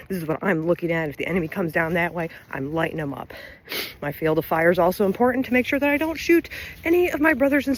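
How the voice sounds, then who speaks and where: A woman with a Southern US accent talking straight to camera in a casual rant, laughing often, blunt and profane, with sudden bursts of emphasis. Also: lowish voice. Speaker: LGBTQ resource center director and Army veteran.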